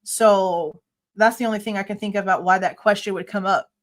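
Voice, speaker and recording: This woman's mid-range voice is fairly even in intonation and fairly quick. On a live true crime reaction show she reads a police report aloud and argues back bluntly, casually swearing, exasperated and sharply skeptical.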